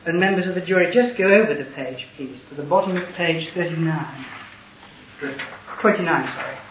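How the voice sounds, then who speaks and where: A man, a barrister speaking formally and deliberately to a jury in a courtroom. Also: a little high, distant mic, background noise. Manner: formal, deliberate, reads transcript passages aloud. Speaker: prosecuting barrister. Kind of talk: address to a jury. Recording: dull, roomy courtroom recording.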